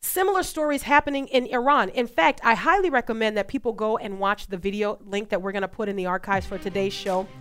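A woman's voice: mid-range voice, quick pace, hardly any pauses, fairly bright tone, clear, resonant tone. A woman co-hosting a faith talk show, speaking with passion and repeating phrases for emphasis. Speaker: co-host.

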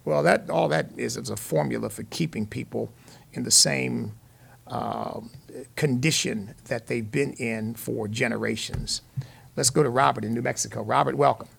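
Gravelly preacherly radio host, a man. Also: medium pitch, normal speed, fairly bright tone. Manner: preacherly, emphatic, folksy. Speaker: radio talk show host. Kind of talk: call-in radio talk. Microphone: studio microphone.

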